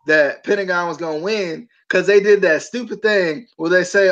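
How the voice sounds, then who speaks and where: A man hosting a podcast in a casual chat, animated and given to incredulous outbursts. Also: sits high, a little fast, few pauses. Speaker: podcast host. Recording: dull lo-fi mic.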